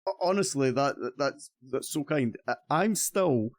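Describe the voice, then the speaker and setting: A man's voice: medium pitch, animated, a little slow, no room sound, clean studio sound. A man with a Scottish accent hosting a casual gaming stream, chatty and cheerful, often restarting his sentences. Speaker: streamer host.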